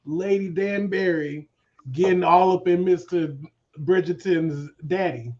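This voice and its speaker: A man's voice: high-pitched, measured pace, darkish tone. A man co-hosting a casual chat, playful and dramatic in his retellings. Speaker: podcast co-host. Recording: dull lo-fi stream audio.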